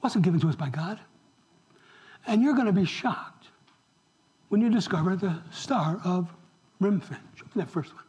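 High-voiced preacher quizzing his flock. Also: moderate pace, long pauses, low-quality recording. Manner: animated, asks the congregation questions. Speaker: pastor. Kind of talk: sermon.

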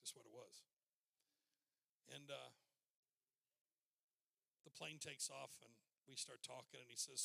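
Older male preacher, gravelly and bright tone, dry close sound, earnest storytelling sermon. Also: mid-range voice, steady tone, takes it slowly, pauses often, no echo.

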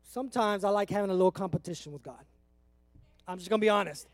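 A man's voice: high-pitched, fast talker, no room sound. A man in his thirties from California, preaching a conversational sermon to his congregation in an earnest way. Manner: earnest, conversational, emotional at times. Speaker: pastor.

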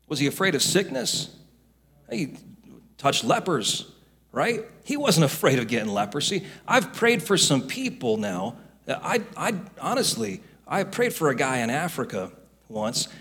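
A middle-aged male pastor preaching a sermon, with storytelling that builds into loud, emphatic rebukes. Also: a little high, slightly rough.

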